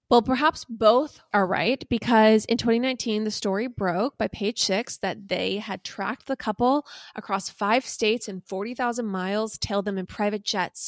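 A young woman co-hosting a podcast tells a gossip story in casual chat, teasing playfully and adding theatrical emphasis. Her voice is mid-range, and the studio-quality recording has no echo.

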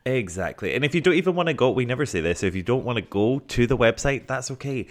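A man's voice: mid-range voice, animated, quick pace. A man, co-hosting a podcast in playful, giggly banter. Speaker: podcast co-host. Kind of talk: casual chat.

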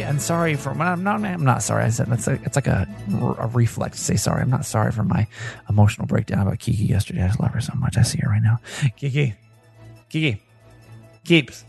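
Gravelly man hosting a casual podcast. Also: mid-range voice, expressive, fairly quick, soft background music. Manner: rambling, self-mocking, hesitant. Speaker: podcast host. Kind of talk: casual chat.

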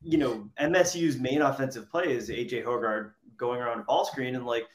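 Male podcast guest, mid-range pitch, easygoing analysis, echoey room sound. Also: brisk. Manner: relaxed, hedging, many "like" fillers. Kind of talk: casual sports analysis chat.

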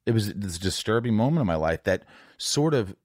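A man's voice: on the low side, expressive, brisk, darkish tone, dry recording, studio quality. A man hosting a podcast interview, talking frankly and confessionally, swearing casually and stumbling into restarts. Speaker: podcast host. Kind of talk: candid interview conversation.

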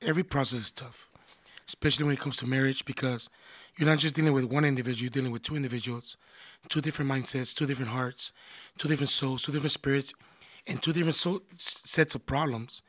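A man's voice: medium pitch, fairly even intonation, quick pace, a bit bright. A man, a pastor and marriage counselor, talking earnestly in a casual conversation and often restarting his phrases.

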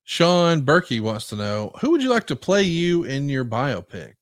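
A man's voice: a little high, big pitch swings, normal speed, no room sound, studio quality. A man co-hosting a podcast, reading listener questions aloud and prodding with teasing follow-ups. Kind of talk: casual chat.

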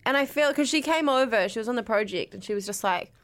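A woman with a New Zealand accent co-hosting a podcast, expressive and quick to react. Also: fairly high pitch. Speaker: podcast co-host. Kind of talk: casual chat.

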